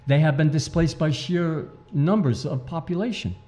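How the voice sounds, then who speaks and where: Male guest author, mellow and dark, earnest, hammers home his points. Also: fairly high pitch, moderate pace. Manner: earnest, emphatic, repeats key points. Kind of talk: interview talk.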